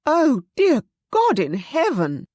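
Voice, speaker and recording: A woman's voice: sits high, huge pitch swings, slow pace, warm tone, no echo, voice pushed up, exaggerated voice. A woman voicing a horrified lady of a noble household in a historical romance audiobook, crying out in distress. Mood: distraught. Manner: wailing, horrified.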